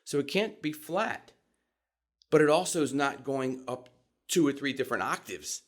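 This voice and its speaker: A middle-aged man with a Southern US accent, teaching voice technique in a calm, measured, deliberate way. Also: mid-range voice. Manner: calm, measured and deliberate, demonstrating vocal examples. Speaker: voice coach. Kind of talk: instructional talk.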